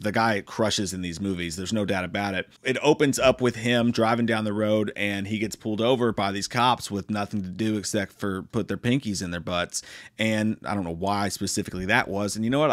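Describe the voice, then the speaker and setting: A man's voice: fairly low pitch, no room sound. A man giving a casual, profane and joking spoken movie review. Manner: profane, joking, animated retelling.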